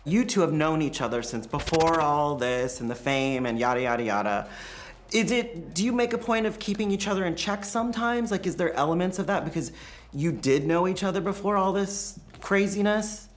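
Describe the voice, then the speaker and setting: A woman interviewer, bubbly and excited, asking questions with eager restarts. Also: low voice, moderate pace. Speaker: entertainment interviewer. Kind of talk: press junket interview.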